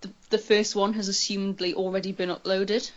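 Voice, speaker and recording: A woman's voice: mid-range voice, level tone, brisk. Woman, podcast host, casual and self-mocking, slightly muffled recording. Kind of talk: casual chat. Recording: slightly dull, lo-fi sound.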